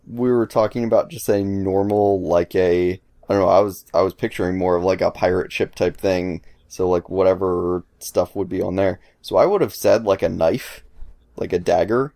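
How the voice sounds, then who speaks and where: A man's voice: sits low, fairly even intonation, normal speed, vocal fry, dark tone, dry recording. A man co-hosting a podcast in casual chat, easygoing and a little hesitant. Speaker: podcast co-host.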